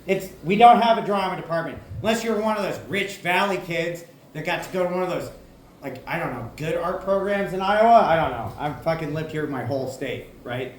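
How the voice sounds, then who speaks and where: Profane stand-up comic in an echoey club. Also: male voice, fairly high pitch, expressive, fairly quick, slight background noise. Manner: conversational, profane, keeps asking "right?". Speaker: stand-up comedian. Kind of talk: stand-up set. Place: comedy club.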